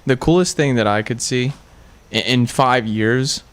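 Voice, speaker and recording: Slow, hesitant man, casual podcast guest. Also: medium pitch. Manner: hesitant, halting. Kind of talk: casual chat.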